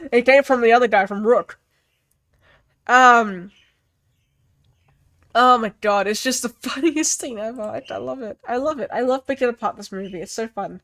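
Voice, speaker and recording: A young woman reviewing a film in a casual, animated rant, swearing freely and filling pauses with "like" and "um.". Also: a little high.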